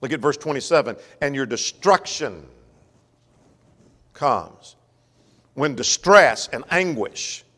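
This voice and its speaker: A man's voice: medium pitch, animated, takes it slowly, pauses often, a bit bright. A man teaching a Sunday Bible class in a folksy way, often checking that the class follows. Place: church. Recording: long church reverb.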